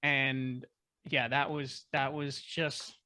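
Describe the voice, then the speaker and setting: A man chatting as an interview guest, telling a story in an excited, rambling way with lots of fillers. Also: medium pitch, slow, no echo. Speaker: guest filmmaker. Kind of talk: casual storytelling.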